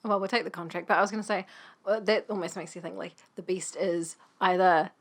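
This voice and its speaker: A woman's voice: fairly low pitch, steady tone, fairly quick. A woman co-hosting a let's play, chatting casually while she plays, swearing and laughing often. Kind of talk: casual gameplay chat.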